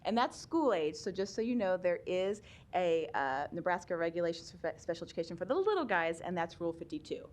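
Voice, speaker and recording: A woman's voice: on the low side, big pitch swings, fairly quick, hardly any pauses. A middle-aged woman in a legislative hearing, explaining special education rules in a chatty way with frequent laughs and fillers. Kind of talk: conversational testimony.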